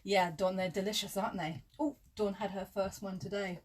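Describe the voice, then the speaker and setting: A woman's voice: medium pitch, steady tone, moderate pace. A woman teaching quilting in a chatty live tutorial. She talks through measurements step by step and drifts into friendly asides.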